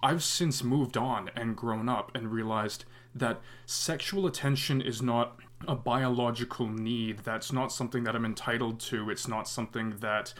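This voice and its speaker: A man's voice: mid-range voice, fairly even intonation, moderate pace, fairly bright tone. A man appearing as a guest on a discussion podcast, speaking reflectively and thoughtfully.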